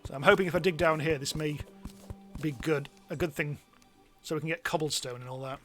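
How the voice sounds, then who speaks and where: A man giving chatty, self-mocking live commentary as he streams a game, now and then bursting into excited yelps. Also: fairly high pitch, a little fast, faint music behind. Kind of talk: live let's-play commentary.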